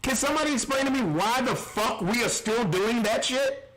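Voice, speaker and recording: Man, streamer, exasperated profane rant, high pitch, bright tone. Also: moderate pace, poor audio. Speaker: streamer reacting live. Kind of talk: live reaction stream.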